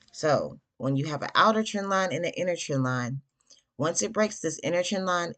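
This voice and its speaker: Excitable young woman teaching chart reading. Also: sits low. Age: young adult. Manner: chatty, slangy, bursts of excitement. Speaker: forex trader teaching backtesting. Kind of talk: casual screen-share trading lesson.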